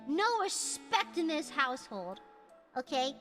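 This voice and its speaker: A woman with a very high, bright voice hosts a casual livestream and reacts to chat with dramatic mock outrage and teasing insults. Her pitch swoops widely, even though she talks at an unhurried pace. She sits at a desk mic, with a long reverb on her voice and music playing behind her. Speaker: streamer host reading chat.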